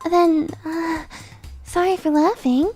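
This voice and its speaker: A cheerful girl giggles her way through every line in a very high, sweet voice, as a woman acts her out. She sounds light and bubbly, with background music playing softly in the game. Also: steady tone, takes it slowly. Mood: bright. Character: cheerful, giggly young girl met in a graveyard.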